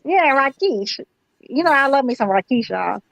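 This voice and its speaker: A woman's voice: high-pitched, expressive, normal speed, gravelly, dry recording, rough recording. A woman chatting casually on an online panel, slangy and profane. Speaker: panelist on an online boxing chat. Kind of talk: casual group chat.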